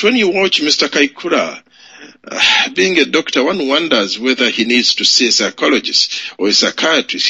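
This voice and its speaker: A man from Uganda delivers a political speech, his voice husky and bright with a slightly raised pitch. He presses each point, repeating phrases for force. The sound is dry and a little muffled. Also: no room sound. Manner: emphatic, repeats phrases for effect. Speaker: political speaker. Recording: muffled lo-fi audio.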